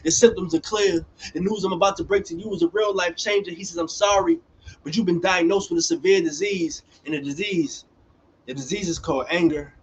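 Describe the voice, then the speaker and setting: Young guy doing spoken word poetry, kinda high voice, gets heated, light background hum. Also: a little fast, dull audio. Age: young adult. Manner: dramatic, building in intensity; relaxed casual chat after the poem.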